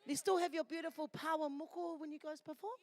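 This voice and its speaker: A woman's voice: sits high, steady tone, quick pace, dry recording. A woman with a New Zealand accent, MCing a live festival, chatty and affectionate with the crowd. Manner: chatty and affectionate, calls people darling. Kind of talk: live event MC, handing out and announcing. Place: festival venue.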